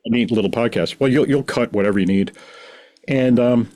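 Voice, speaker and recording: A middle-aged man, a podcast guest, telling a long personal story in a rambling, animated way and acting out the voices of people in it. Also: medium pitch, brisk, a little hiss or hum. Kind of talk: casual storytelling.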